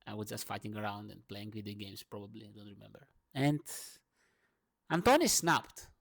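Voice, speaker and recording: A young man ranting through a morning monologue in his second language. He swears freely and swings between loud outbursts and low murmurs. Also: expressive, normal speed, creaky. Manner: speaks English as a second language. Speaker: vlogger.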